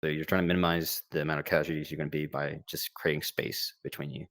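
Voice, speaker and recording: Young guy, very low voice, dry close sound; casual, rambling war storyteller. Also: little pitch movement, quick pace, fairly bright tone, no room sound. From United States. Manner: laid-back, rambling, lots of fillers and quoted dialogue. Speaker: former Marine combat medic recounting war experience.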